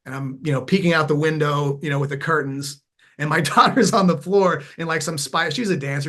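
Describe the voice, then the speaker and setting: A man's voice: fairly high pitch, fairly quick. A man as a podcast guest, telling a candid personal story in an earnest, reflective way and often restarting his phrases. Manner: animated when acting out past moments. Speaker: podcast guest, veteran turned mindfulness coach.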